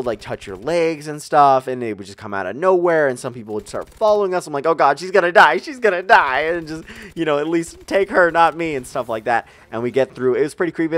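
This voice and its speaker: A young man telling a story in a casual, animated way, full of "like" and "you know". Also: mid-range voice, no echo. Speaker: vlogger.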